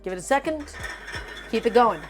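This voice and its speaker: A woman with a fairly high voice runs a live cooking stream from her home kitchen. She speaks with emphatic, animated energy, often repeating her instructions. Faint music plays softly underneath her voice. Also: moderate pace. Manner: emphatic and animated, repeats herself, calls viewers "my friends". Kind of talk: live cooking demonstration, chatting with viewers.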